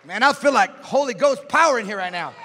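A male pastor with a very high, bright, piercing voice, shouting and calling back and forth with his congregation. The sermon is taken in a big hall with a long echo, and soft music plays under him. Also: lively intonation, brisk, slight background noise. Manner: shouting call-and-response, drives the crowd. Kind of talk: preaching a sermon. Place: large church hall with music. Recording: echoey church hall with music behind.

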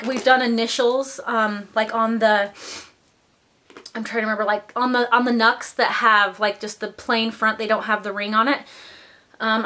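A woman's voice: on the high side, fairly bright tone. A young woman chatting casually in a vlog, gushing and filling her talk with "like" and "um", a little out of breath. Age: young adult. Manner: chatty, gushing, lots of filler "like" and "um". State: slightly out of breath. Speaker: vlogger.

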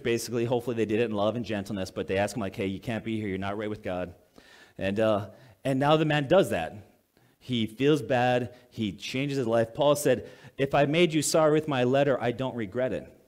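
A pastor preaching a sermon in a conversational way, reading scripture aloud, then explaining it plainly and asking the congregation questions. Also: male voice, medium pitch, fairly quick, a little mellow.

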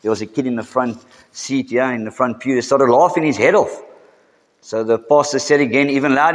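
A man with a South African English accent preaching a sermon in a church, building to emphatic, drawn-out key phrases. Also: medium pitch. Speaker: pastor. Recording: reverberant church hall.

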